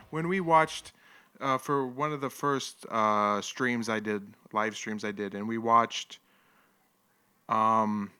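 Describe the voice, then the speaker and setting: A man's voice: lowish voice, steady tone, takes it slowly, sharp tone, smooth. A man hosting a live stream, casually commenting on an old fight with jokes, rambling asides and frequent laughter. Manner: rambling, joking, laughs often. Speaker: livestream host.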